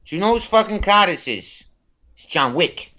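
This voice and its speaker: A man's voice: high voice, lively intonation, normal speed, bright, forceful tone, pitched above the performer's own voice. A man playing a furious chop-shop boss. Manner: barking, swearing, repeating himself. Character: angry adult male chop-shop boss, panicked, bossy.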